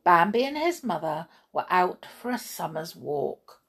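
A woman reading a children's story aloud in a gentle, chatty way, asking the listener questions. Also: fairly low pitch, very animated, measured pace, creaky, husky.

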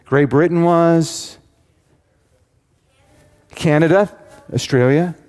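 A man's voice: on the high side, takes it slowly, a little mellow, clean tone. A man teaching a Bible study to a live audience, in a conversational way with asides to the listeners. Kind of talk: sermon-style Bible teaching. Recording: long hall reverb.

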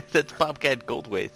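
Bright-toned man, jokey and laughing. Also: on the high side. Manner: jokey, laughs often, tells stories. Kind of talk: casual chat.

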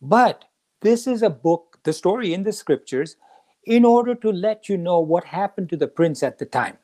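A man hosts a casual spiritual talk, telling a story with animated turns as he voices each character. His voice sits a bit high for a man. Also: normal speed. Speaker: podcast host.

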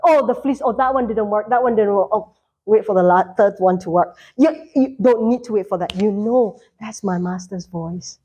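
A woman's voice: medium pitch, moderate pace, dark tone, breathy edge, dull audio. A woman preaching a sermon in a church, fervent, repeating lines for emphasis.

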